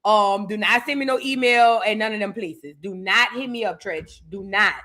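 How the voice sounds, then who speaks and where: A woman's voice: medium pitch, normal speed, bright, forceful tone. A woman hosting a reaction show, chatting casually with playful, dramatic asides and bits of singing. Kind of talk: casual commentary.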